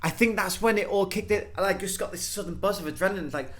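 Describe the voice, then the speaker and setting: A young man from Wales, co-hosting a casual podcast chat and telling animated stories. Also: high voice, fast. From North Wales. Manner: animated storyteller, says "mate" and "man" often. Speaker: podcast co-host.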